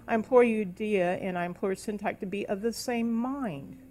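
Preaching at a normal pace, a middle-aged woman minister gives a sermon during a church service. Her medium-pitched voice is a little mellow, and her delivery is preacherly and emphatic. At times she breaks into tongues and rises into emphatic calls.

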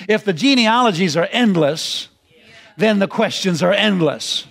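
A man preaching a sermon in a folksy, repetitive way that climbs into shouted emphasis. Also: high-pitched, animated, normal speed, creaky.

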